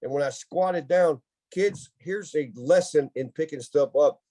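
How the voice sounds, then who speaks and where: A man from the United States with a somewhat high, mellow voice, telling family stories on a podcast. He keeps laughing his way through the tale. The sound is dry and close. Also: measured pace, dry recording. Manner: laughing, animated storyteller. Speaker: podcast co-host. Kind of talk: casual storytelling chat.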